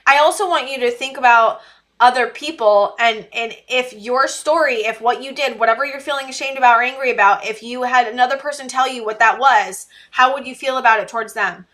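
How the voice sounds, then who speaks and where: Woman tarot reader, fairly high and bright, earnest and pleading, repeats herself, lots of fillers. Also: a little fast. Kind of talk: casual tarot reading to camera.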